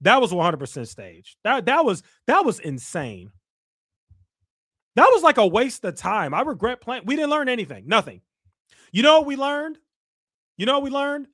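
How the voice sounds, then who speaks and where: A man's voice: very high voice, very animated, moderate pace, pauses often, a bit bright. A man hosting a live stream, ranting in exasperated casual reaction commentary and swearing freely.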